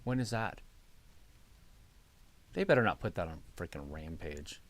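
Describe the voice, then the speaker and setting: A man's voice: low voice, sing-song, measured pace. A man co-hosting a live stream, giving crude, wisecracking commentary while watching a show. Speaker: co-host of a wrestling live stream.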